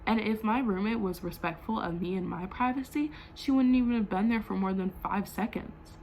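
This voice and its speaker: A woman's voice: medium pitch, moderate pace, a little mellow, slight background noise, poor audio. Heated, swearing young woman vlogger. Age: young adult. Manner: heated, profane, frequent "like" fillers. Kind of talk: storytime vlog.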